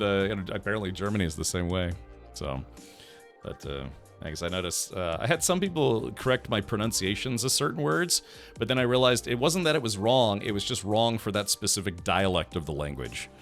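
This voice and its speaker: Brief: male streamer, animated pitch, stop-start chatty delivery, faint music underneath. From United States. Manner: halting, restarts often, chats with viewers between readings. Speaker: game streamer. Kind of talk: casual live-stream chat, reading update notes aloud.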